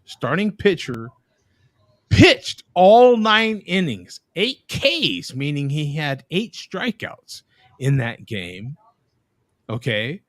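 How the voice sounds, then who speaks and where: A man's voice: mid-range voice, bright, forceful tone, no echo, clean studio sound. A man hosting a live web show from a video call, chatting casually and explaining things to his viewers. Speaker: host.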